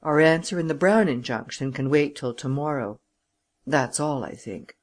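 In an audiobook reader's voice, a shaken junior lawyer speaks in urgent bursts. He is an emotional gentleman of the old school, pushing hard to defend a client. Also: medium pitch, normal speed, close to an everyday voice. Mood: brisk. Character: agitated middle-aged male junior lawyer. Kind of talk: audiobook character reading.

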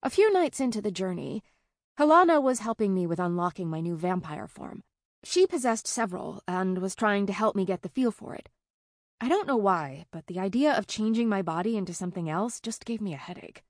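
A woman narrating a first-person fantasy audiobook in an even, conversational way. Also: mid-range voice, brisk, no room sound, clean studio sound.

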